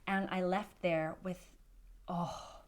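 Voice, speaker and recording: A young woman from Canada talks casually to her camera in a vlog, piling on fillers and poking fun at herself. Her voice sits a little low for a woman. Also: flat delivery, slow. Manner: chatty, self-deprecating, lots of fillers. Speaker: vlogger.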